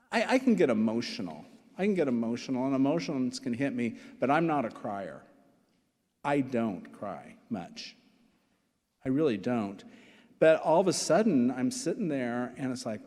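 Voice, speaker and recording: A Nebraska pastor in his sixties preaches a sermon in a church sanctuary, telling personal stories full of asides and repeated phrases. His voice is mid-range with a darkish tone, and the church hall adds long reverb.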